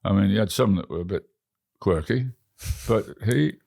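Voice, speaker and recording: A man's voice: on the low side, normal speed, creaky, dry recording, clean studio sound. An older man with a chatty, storytelling manner, recounting travel anecdotes as an interview guest. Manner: chatty, animated anecdotes with quoted dialogue. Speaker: interview guest, frequent flyer.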